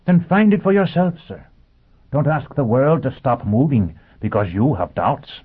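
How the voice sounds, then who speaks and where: A man's voice: medium pitch, expressive, unhurried, breathy edge, voice pushed up. A man voicing a cheerful, polite male bartender robot that lectures serenely. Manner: politely beaming, preachy. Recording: tinny phone-like audio.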